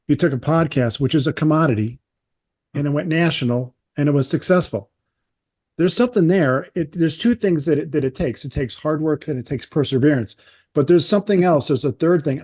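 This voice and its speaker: A man hosting a podcast, speaking in a measured, earnest way. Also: fairly high pitch, dark tone, no room sound, studio quality. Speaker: podcast host, doctor. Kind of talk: casual interview chat.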